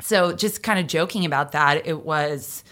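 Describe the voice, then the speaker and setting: A young woman talks casually as a podcast guest, her voice sitting low but sounding bright and forceful. She tells stories with energy and acts out her own past reactions. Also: moderate pace. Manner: animated storyteller, acts out quoted reactions.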